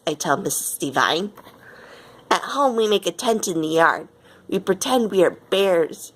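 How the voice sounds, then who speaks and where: A woman reading a children's picture book aloud in an expressive way. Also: lowish voice, measured pace, husky. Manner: expressive, with lively quoted lines. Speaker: storyteller.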